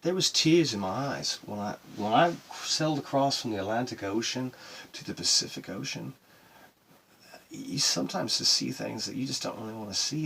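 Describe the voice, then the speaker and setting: Male actor doing a foul-mouthed sailor spinning a sea tale, raspy voice that swings up and down, rambling and emotional. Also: mid-range voice, fairly bright tone, exaggerated voice. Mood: wistful. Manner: profane, rambling and emotional storytelling. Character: rough-talking male sailor recounting a solo voyage. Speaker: actor performing a monologue. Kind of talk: dramatic monologue.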